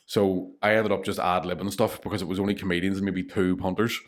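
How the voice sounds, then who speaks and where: A young man with a Northern Irish accent, a comedian telling animated stories on a podcast, swearing freely and laughing through them. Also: low-pitched, brisk, few pauses. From Northern Ireland. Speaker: comedian guest. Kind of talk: casual storytelling.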